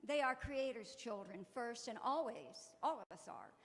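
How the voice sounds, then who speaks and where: A middle-aged woman with a bright, high voice tells a spiritual story, animated and slipping into voices for the people in it. She then leads a guided meditation. Her voice rings with the long reverb of a large hall. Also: unhurried. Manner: animated, acts out dialogue with lively voices, often laughs. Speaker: spiritual speaker. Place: event hall.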